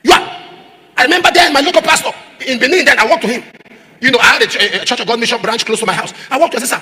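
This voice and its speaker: A man preaching a sermon as pastor, repeating refrains and rising to shouts. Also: extremely high pitch, rapid-fire, husky. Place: large church auditorium. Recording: echoey church hall.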